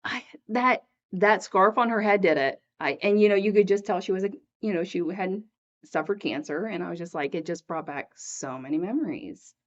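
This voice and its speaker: A woman's voice: mid-range voice, normal speed, highs cut off. A woman co-hosting a casual faith podcast, telling stories in a chatty way with frequent laughter. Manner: chatty storyteller, laughs often, acts out quoted voices. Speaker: podcast co-host.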